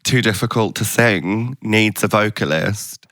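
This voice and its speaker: A man from England hosting a podcast, playful and quick to laugh and cheer. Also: fairly low pitch, a bit bright, dry recording, studio quality. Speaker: podcast host. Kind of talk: casual chat.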